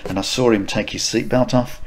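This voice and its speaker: Speaking briskly in a fairly low, steady voice, this middle-aged podcast co-host tells stories in a casual chat full of laughs and restarts. There is slight background noise.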